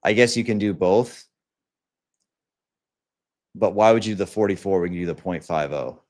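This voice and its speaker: A man's voice: deep voice, normal speed, a little mellow. A young man hosting a livestream, talking bluntly and crudely in a casual rant, often acting out the lines of other people. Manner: blunt and profane, acts out quoted lines. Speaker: livestream host.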